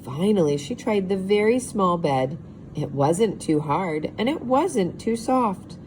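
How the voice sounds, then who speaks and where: Lively, slow-reading woman teacher. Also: mid-range voice, rough recording. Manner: expressive, asks the children questions. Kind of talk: storybook read-aloud for young children. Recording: steady background hiss.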